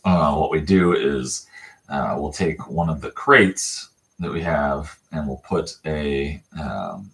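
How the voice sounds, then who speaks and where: A man's voice: extremely low pitch, animated, takes it slowly, vocal fry, fairly bright tone, rough recording. A man hosting a puppy livestream from his home, explaining puppy care in a loose, rambling way with lots of fillers and restarts. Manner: coos baby talk to the puppies. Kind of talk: casual livestream chat. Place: home puppy pen, indoors.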